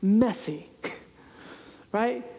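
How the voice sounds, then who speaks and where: A man's voice: sits high, animated, drawn-out words, gravelly, mellow. A man in his thirties giving a storytelling sermon as a pastor, conversational and self-deprecating, often laughing at himself. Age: 30s. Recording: reverberant hall sound.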